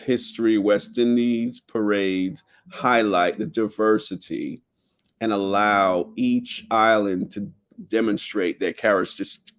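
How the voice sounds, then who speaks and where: A man from Jamaica with a Jamaican accent, hosting a casual talk show and reading from his notes with loose asides. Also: lowish voice. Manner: reads headings aloud, drifts into loose asides. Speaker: podcast host.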